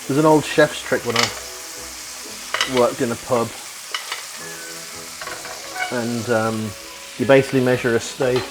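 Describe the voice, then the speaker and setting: A man's voice: medium pitch, fairly even intonation, takes it slowly, long pauses, background noise. A young man, chatting casually and rambling as he cooks in his home kitchen, swearing now and then. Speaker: vlogger. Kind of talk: casual cooking vlog. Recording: music playing behind. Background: frying sizzle and music.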